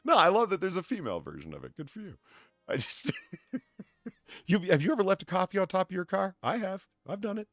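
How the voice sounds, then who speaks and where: A man's voice: high-pitched, big pitch swings, fast talker, gravelly, a bit bright, no room sound, studio quality. A man hosting a casual podcast, reading out donations, often laughing and repeating words. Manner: laughing, stammering restarts. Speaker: podcast host.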